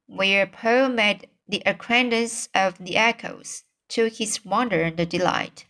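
Slow woman reading an audiobook. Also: mid-range voice, a bit bright. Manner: slow reading with slips, fillers and restarts. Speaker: audiobook reader. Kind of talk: amateur audiobook narration.

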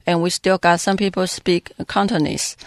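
A dubbing director answers interview questions in a halting way and often searches for words. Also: medium pitch, flat delivery, dry recording. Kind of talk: interview answers in a second language.

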